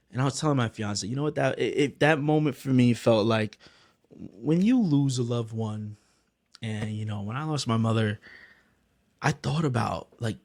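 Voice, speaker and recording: A man giving a casual spoken film review, earnestly retelling the scenes with lots of filler words. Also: mid-range voice.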